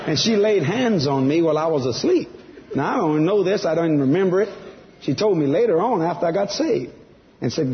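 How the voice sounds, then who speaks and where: A man's voice: on the high side, expressive, a little fast, big-room sound, muffled recording, slight background noise. A man giving a testimony sermon, telling his story with animation and acting out the other voices. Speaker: preacher.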